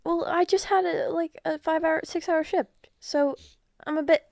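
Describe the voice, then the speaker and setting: A woman's voice: extremely high pitch, fairly even intonation, moderate pace, vocal fry, a little mellow, dry recording, studio quality. A teenage girl chatting casually with her father, blunt and teasing, often drifting off topic. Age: teens. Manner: blunt, teasing, easily distracted. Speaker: guest, host's daughter. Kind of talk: casual chat.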